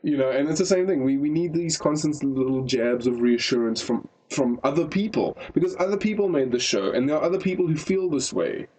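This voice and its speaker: A man co-hosting an anime review podcast, talking casually in rambling, animated stretches full of restarts. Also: on the high side, a little fast, hardly any pauses, husky, low-quality recording.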